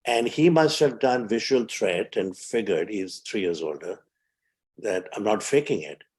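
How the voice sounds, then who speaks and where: A man's voice: on the low side, a little slow. A man in his seventies from India, telling vivid stories as a podcast guest and acting out the voices he quotes. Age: 70s. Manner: vivid storyteller who acts out quoted voices. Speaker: physician guest. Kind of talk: storytelling in a podcast interview.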